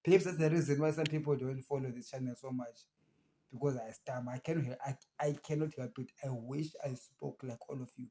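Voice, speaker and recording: A man's voice: medium pitch, fairly quick. A man with a Zimbabwean accent who stammers, giving emphatic casual commentary to his channel's viewers. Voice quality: stammers, with blocks and restarts. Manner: emphatic, rising to animated outbursts. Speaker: channel host.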